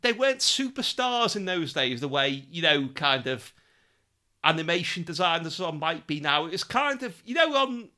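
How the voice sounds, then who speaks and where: A man co-hosting a casual chat about old comedy records, animated and laughing often. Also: on the high side. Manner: animated, laughs often, quick asides and impressions. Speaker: podcast co-host.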